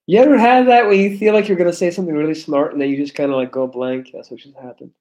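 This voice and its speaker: A man's voice: on the high side, steady tone, fast, darkish tone. A young man reading viewer comments aloud in a laid-back, slangy livestream chat. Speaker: YouTuber reading live chat.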